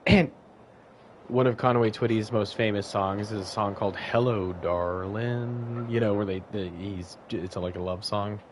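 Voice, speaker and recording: A man's voice: fairly low pitch, normal speed, slight background noise. A man telling a long, crude anecdote on a casual podcast, rambling, swearing often and losing his thread. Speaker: podcast co-host. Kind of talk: casual storytelling.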